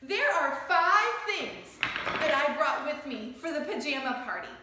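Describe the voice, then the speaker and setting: A woman's voice: high-pitched, expressive, a little slow, background noise. A woman teaching a children's music lesson, encouraging the class as she sings and chants rhythms along with them. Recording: echoey room.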